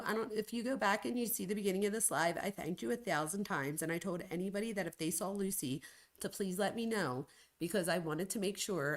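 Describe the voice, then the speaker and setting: A woman in her forties, a college professor, hosts a casual livestream and reads out viewer comments in a chatty, gushing way. Her pitch makes sudden excited jumps.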